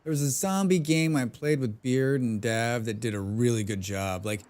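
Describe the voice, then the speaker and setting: A man with a mid-range, darkish voice that is clear and resonant speaks at a moderate pace while streaming a game. His commentary is casual and rambling, full of self-deprecating jokes.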